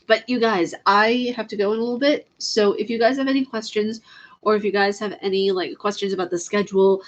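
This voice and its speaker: A woman's voice: mid-range voice, fairly even intonation, a little fast. Woman, live-stream chatter, giggly, chatty, dull lo-fi audio. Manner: chatty, giggly, reads chat aloud. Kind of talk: casual live-stream chat about games.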